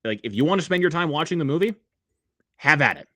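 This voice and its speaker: A man's voice: a little high, animated, fast, sharp tone, no echo, clean studio sound. A man hosting a casual livestream, rambling with many fillers and reading viewer comments aloud. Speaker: livestream host.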